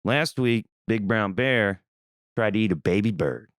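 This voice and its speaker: A young man from Missouri hosting a podcast, telling a rambling, animated story in a casual, swearing manner. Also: fairly low pitch, measured pace, no echo, clean studio sound. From Missouri, USA. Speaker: podcast host.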